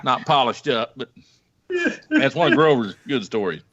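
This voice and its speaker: A middle-aged man from the Ozarks telling a crude police story on a podcast in a rambling, animated way. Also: mid-range voice, normal speed, dull audio, a crowd in the background. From Ozarks, United States. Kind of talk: casual storytelling chat.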